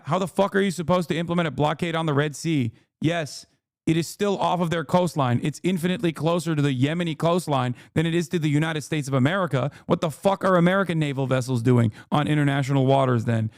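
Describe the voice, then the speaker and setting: On a livestream, a man with a voice on the high side gives heated, exasperated, profanity-laced reactions into a desk mic even as his voice gives out. The recording is studio quality with no room sound.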